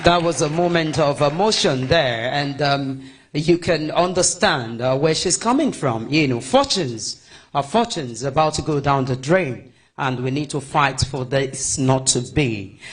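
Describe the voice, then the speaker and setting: A man emceeing a press conference, introducing speakers with lively, hurried announcements. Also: fairly high pitch. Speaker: master of ceremonies. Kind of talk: event hosting.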